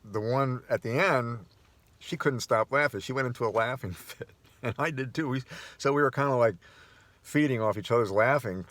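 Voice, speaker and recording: A man's voice: medium pitch, fairly bright tone, no echo. A man vlogging a casual personal monologue, rambling with frequent restarts and chuckles.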